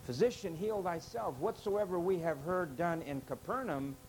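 Male preacher, high voice, forceful sermon delivery, rhetorical questions. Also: lively intonation, normal speed, slight background noise, rough recording. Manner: emphatic, rhetorical questions to congregation. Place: church with parking lot.

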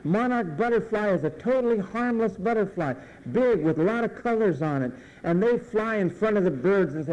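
A man preaching with a high but mellow, dark-toned voice. He speaks emphatically and lets his phrase endings drop low and slow. The sermon is heard on a slightly dull lo-fi recording. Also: animated. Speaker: pastor.

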